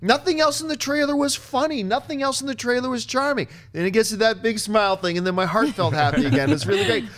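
Man, higher voice, very lively pitch; opinionated movie panelist. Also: fast, hardly any pauses. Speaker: movie talk show panelist. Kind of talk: casual panel chat.

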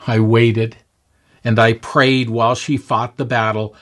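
A man reading an evangelist's story aloud in a measured, earnest manner. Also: mid-range voice, fairly bright tone.

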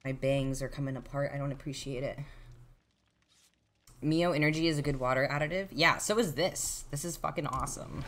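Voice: mid-range voice, normal speed. Profane, chatty young game streamer. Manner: chatty, profane, swears a lot; reacts loudly and excitedly to the game. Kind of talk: casual live-stream chat while gaming.

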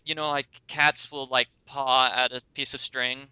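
A man's voice: medium pitch, flat delivery, measured pace, bright, forceful tone, clean tone, dry recording, rough recording. A man narrating as game master in a tabletop game, rambling with many ums and self-corrections.

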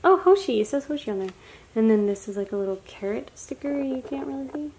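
A young woman chatting casually while unboxing a haul, gushing and excitable, often gasping and laughing. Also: sits high, fast talker, a little hiss or hum. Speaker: vlogger.

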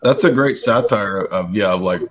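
Deep-voiced man chatting about films. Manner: halting, gropes for names. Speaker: film analyst guest. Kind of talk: casual chat.

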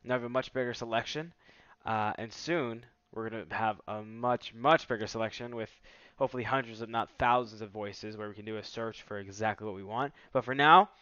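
A man hosts a relaxed, upbeat product demo with a salesy edge. His voice is smooth and resonant. The recording is dry and slightly muffled. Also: lowish voice, a little fast, dry recording. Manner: casual, enthusiastic salesy delivery. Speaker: tech vlogger host. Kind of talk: casual product demo commentary.

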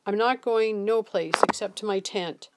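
A woman's voice: mid-range voice, moderate pace, very noisy, lightly acted. A woman reading the lines of a drunk, bitter homeless man who slurs and snaps curtly. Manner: slurred, curt and snapping.

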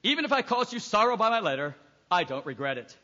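Preacher guy, really high bright voice, emphatic sermon, dull muffled recording. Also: very animated, fast. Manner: emphatic, reads scripture aloud and acts out voices. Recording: echoey hall, dull lo-fi recording.

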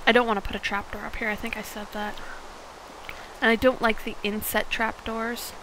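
A woman's voice: on the high side, little pitch movement, moderate pace, fairly bright tone, slight background noise, rough recording. A woman in her forties with a Midwestern American accent, chatting casually while she plays a game, rambling and dropping into half-whispered asides. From Iowa, United States. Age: 40s. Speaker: gaming video host. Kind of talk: casual gameplay chat.

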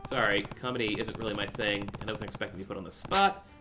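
A man's voice: lowish voice, steady tone, fast talker, natural voice. A man voicing a washed-up comedian who rambles in a folksy, self-deprecating way, with game music behind. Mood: mopey.

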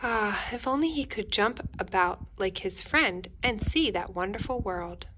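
A young woman, a teacher, reading a picture book aloud to children indoors in a gentle, expressive way, speaking to the kids directly. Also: medium pitch, a little slow, slight background noise. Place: indoors at home.

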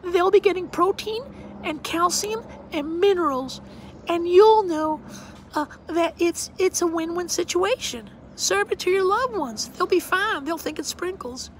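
Brief: man putting on a shrill, prim Savannah woman, matter-of-fact and bossy, drawling her practical advice. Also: unhurried, slight background noise. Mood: bossily earnest. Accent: Savannah Southern put-on. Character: prim high-voiced Southern woman giving tough love. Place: outdoor deck.

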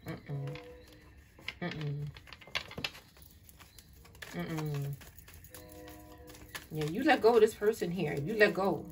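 In a low voice with drawn-out words and frequent pauses, a tarot reader gives an online reading that is blunt, profane, and exasperated, often calling the listener "child." Faint music plays behind her, and the distant mic catches faint noise and clicks.

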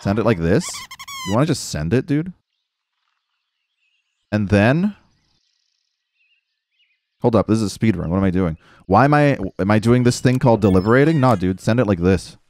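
A man's voice: on the low side, very animated, normal speed, pauses often, darkish tone. Self-mocking gaming streamer, man. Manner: self-mocking, talks to himself while playing; swears casually, says dude a lot. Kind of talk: casual gameplay commentary.

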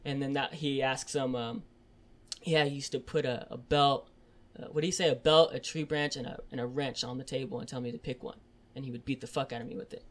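A man's voice: medium pitch, steady tone, brisk. A man co-hosting a podcast, retelling film scenes in a rambling, profane way with lots of fillers. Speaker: podcast co-host. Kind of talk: casual chat.

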